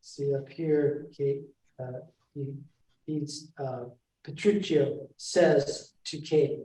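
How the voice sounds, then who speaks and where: Slow, mellow man teaching a class. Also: mid-range voice, steady tone. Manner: halting, with many fillers and restarts, checking in with listeners. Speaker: presenter teaching a library class. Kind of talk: classroom talk on reading verse aloud. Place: library meeting room, indoors. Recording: echoey room, voice from far off.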